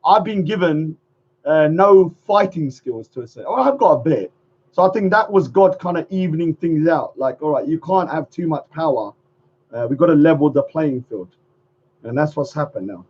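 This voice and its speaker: Man, livestream host, casual rambling chat, high voice, muffled lo-fi audio. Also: animated, normal speed, a little mellow, husky. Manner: rambling, repeats phrases, chuckles often.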